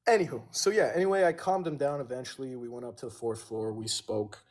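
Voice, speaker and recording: A man's voice: medium pitch, fairly quick, darkish tone. Casual swearing man telling a long story. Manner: rambling, profane, owns his mistakes. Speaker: livestream host.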